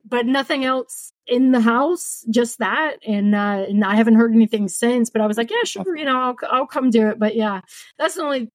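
Woman guest, paranormal investigator, bit high voice, stops and restarts, dry sound. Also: normal speed, no echo, low-quality recording. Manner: hesitant, restarts sentences. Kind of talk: casual podcast chat.

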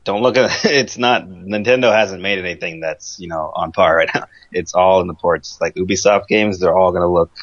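A man's voice: deep voice, moderate pace, hardly any pauses, dry recording, dull audio. A young man in casual gaming chat with friends, teasing and laughing often.

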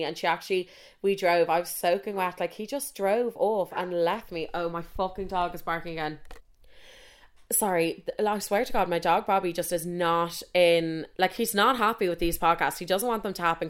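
A woman's voice: fairly low pitch, clean tone. A young woman in her twenties hosting a podcast, telling a personal story in a candid, chatty way, swearing freely and often saying "so anyway". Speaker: podcast host. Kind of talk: casual storytelling monologue.

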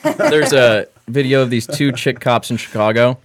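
A man on a casual podcast telling a wry, profane story in an even, mid-pitched voice. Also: moderate pace.

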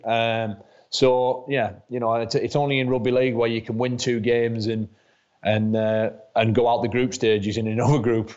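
A chatty man speaks as an interview guest at a mid pitch, often repeating words as he restarts. The recording sounds dull and lo-fi. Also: a little mellow. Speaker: guest rugby league player. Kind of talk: casual interview chat. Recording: dull lo-fi audio.

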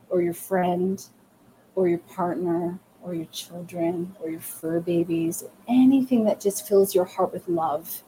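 A woman's voice: mid-range voice, a little hiss or hum. A woman hosting a live psychic reading stream, speaking encouragingly and directly to her viewers. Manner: warm encouraging talk, addresses viewers directly. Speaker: psychic reader and livestream host.

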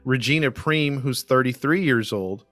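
A man's voice: mid-range voice, normal speed, fairly bright tone, dry recording, faint music behind. A man co-hosting a casual true-crime podcast, telling the story with lots of fillers and restarts. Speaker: podcast co-host.

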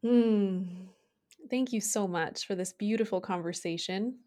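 A woman's voice: mid-range voice, a little slow, dark tone. A woman hosting an interview, who sums up and thanks her guest in an appreciative, affirming way. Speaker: host. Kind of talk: casual interview.

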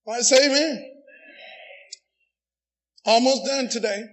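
A middle-aged man preaching a sermon, often shouting and calling for amens from the congregation. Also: extremely high pitch, slow, rough recording. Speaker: pastor.

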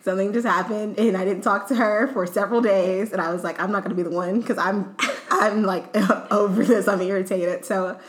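A woman's voice: medium pitch, steady tone, moderate pace. A young woman co-hosts a podcast in casual chat. She teases her co-host and laughs through her stories. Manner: laughing, teasing banter.

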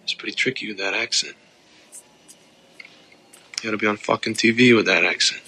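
A man's voice: lowish voice, fairly quick, sharp tone, husky. An actor playing a tough, wisecracking male cop who taunts his enemy with sarcastic, swearing lines. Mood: taunting.

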